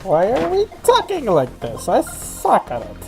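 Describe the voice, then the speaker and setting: A man's voice: sits high, huge pitch swings, measured pace, creaky, soft background music, voice pushed up, heavily acted. A man clumsily putting on a masked male villain voice for a joke on a podcast. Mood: sheepish. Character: awkward self-mocking masked male villain.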